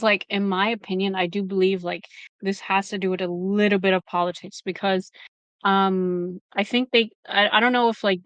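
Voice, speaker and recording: A woman in a casual gaming podcast chat, talking in a loose, filler-heavy way. Her voice is mid-pitched, and the recording is dry with no room sound. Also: no echo. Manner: chatty, many likes and fillers. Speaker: podcast co-host.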